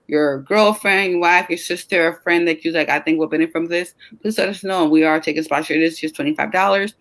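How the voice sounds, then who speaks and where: Tired but upbeat woman co-host, casual chat full of fillers and bursts of excitement. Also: sits low, rough recording. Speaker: co-host of a web talk show.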